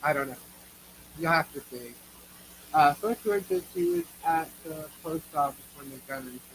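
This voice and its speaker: A woman with a New York accent co-hosts a livestream, chatting casually and reacting to viewers in a blunt, opinionated way with offhand cursing. Her voice is low and gravelly, swooping wildly in pitch at a moderate pace. The recording is low quality, with light background noise.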